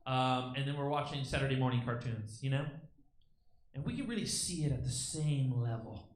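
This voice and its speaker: A man's voice: mid-range voice, lively intonation, moderate pace, reverberant, poor audio. A man hosting a stand-up comedy show, telling a loose, conversational set and teasing the crowd on a theater stage.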